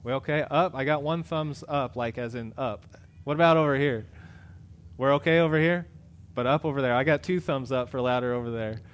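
A male pastor giving a sermon to a congregation, talking in a loose, conversational way with frequent fillers and quick self-corrections. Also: mid-range voice. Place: church sanctuary. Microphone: microphone in front of a congregation.

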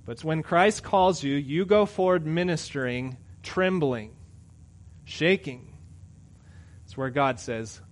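Speaking slowly in a fairly high male voice, a middle-aged pastor preaches conversationally, going back and forth between emphatic, loud passages and soft asides.

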